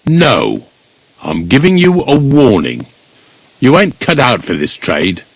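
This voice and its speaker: An actor playing a blunt, grumbling village gravedigger in a video game, speaking. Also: male voice, mid-range voice, wildly swooping pitch, slow, husky, dry recording, exaggerated voice. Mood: gruff.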